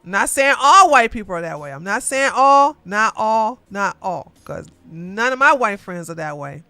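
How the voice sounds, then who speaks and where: A woman ranting in a rambling, casual way, animated and profane, often repeating herself. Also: medium pitch, moderate pace, dry recording, soft background music.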